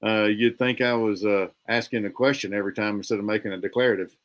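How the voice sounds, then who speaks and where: A man's voice: on the low side, fairly even intonation, fast. A man hosting a casual podcast, folksy, laughing often and trading country sayings. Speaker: podcast host.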